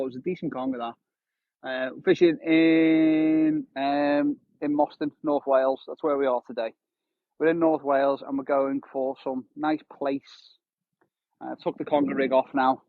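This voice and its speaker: A man's voice: medium pitch, no room sound. A man, in his thirties, chatting casually to viewers during a live stream while fishing outdoors. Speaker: fishing livestreamer. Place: outdoors on a windy shore. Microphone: phone live stream. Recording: dry tinny phone audio.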